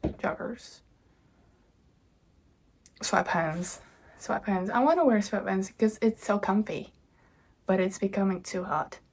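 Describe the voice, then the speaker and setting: A woman's voice: mid-range voice, moderate pace, darkish tone. A young woman casually chatting about her own book at home, rambling, bubbly and easily sidetracked. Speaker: author and vlogger. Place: home indoors.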